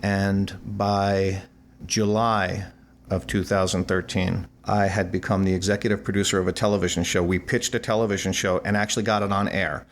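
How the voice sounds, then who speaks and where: A man in his sixties, a musician guest in an interview, telling stories with animated energy and acting out the voices in his anecdotes. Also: low-pitched, moderate pace, slight background noise. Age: 60s. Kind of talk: storytelling interview.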